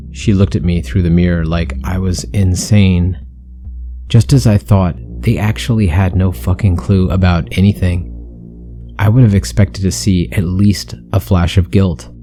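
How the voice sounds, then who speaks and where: A man's voice: low-pitched, mellow. A man narrating a first-person horror story with an intense, brooding delivery.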